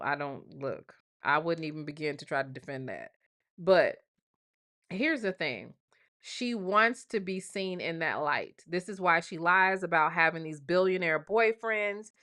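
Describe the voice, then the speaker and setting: A woman's voice: fairly low pitch, pushed and bright. A woman hosting a live stream, reading viewer messages and commenting in a sassy, conversational way. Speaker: livestream host.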